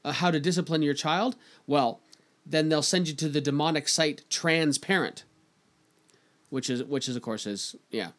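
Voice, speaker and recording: A man's voice: a little high, normal speed, a bit bright. Laughing casual male podcast co-host. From Canada. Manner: reads news aloud and riffs on it, laughing often. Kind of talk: casual chat.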